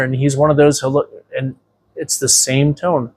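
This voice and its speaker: A man's voice: medium pitch, flat delivery, brisk. A man who owns a tattoo shop, a podcast guest telling rambling, profane stories full of "you know.". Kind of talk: casual interview storytelling.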